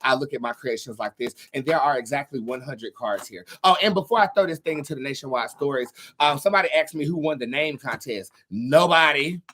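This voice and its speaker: A young man hosts a live tarot stream in a loose, casual chat. His delivery is campy and animated, peppered with swearing and easy laughter. He talks into a phone or webcam. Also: medium pitch, fairly quick, hardly any pauses.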